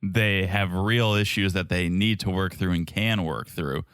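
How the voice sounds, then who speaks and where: A man's voice: deep voice, unhurried, a bit bright, clean tone, no echo, clean studio sound. A man co-hosting a podcast, recapping reality TV in casual, wisecracking chat. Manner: wisecracking, skeptical. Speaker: podcast co-host.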